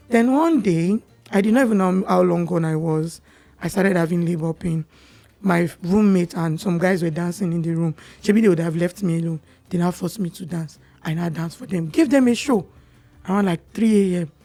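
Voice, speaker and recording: A young Nigerian woman, a podcast guest, telling her personal story in a candid, animated way. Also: lowish voice, vocal fry.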